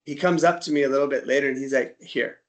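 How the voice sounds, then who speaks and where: A man from the United States, with a voice of ordinary middle pitch, gives a relaxed slide-show talk to a group. He tells his stories in a chatty way and acts out little back-and-forth exchanges as he goes. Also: racing. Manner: chatty storyteller who acts out little dialogues. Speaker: presenter at an interest group talk.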